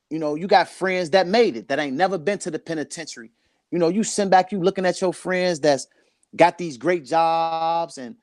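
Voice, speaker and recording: Recorded with clean studio sound and no echo, this fairly high-voiced man in his forties talks candidly about his life as a guest. He grows emotional and repeats phrases to stress his points.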